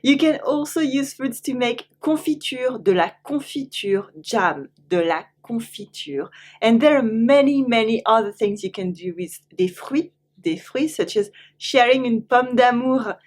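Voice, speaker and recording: French-accented woman teaching vocabulary. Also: a little high. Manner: repeats each French word slowly, then translates. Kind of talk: online language lesson.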